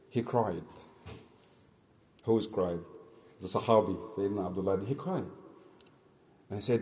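A man preaching in English, telling a religious story in a conversational, halting way, acting out the dialogue. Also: fairly low pitch, mellow, a little hiss or hum. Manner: conversational, halting, many restarts, acts out dialogue. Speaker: Islamic preacher. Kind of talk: storytelling sermon.

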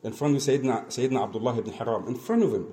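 Man telling a sermon story, mellow voice. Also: mid-range voice, slight background noise. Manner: conversational, halting, many restarts, acts out dialogue. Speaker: Islamic preacher.

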